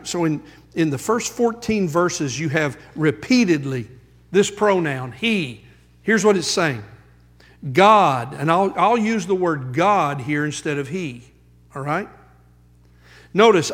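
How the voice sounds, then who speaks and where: A man preaching a sermon as pastor, quoting scripture and building to emphatic high points. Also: big-room sound.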